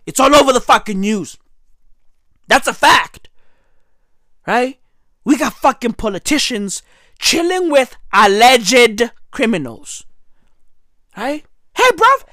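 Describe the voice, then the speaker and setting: A South African man with a hoarse, cracking voice delivers a profane, comedic political rant, slipping into Zulu slang. His high voice leaps wildly up and down but his delivery stays unhurried. The recording is dry and close. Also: pushed and bright, dry recording. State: hoarse, clearing throat. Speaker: vlogger.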